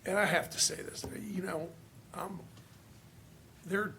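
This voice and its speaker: A male county commissioner speaking at a public hearing, frustrated and halting, with many restarts. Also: high voice, steady tone, vocal fry, sharp tone, slight background noise. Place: hearing room.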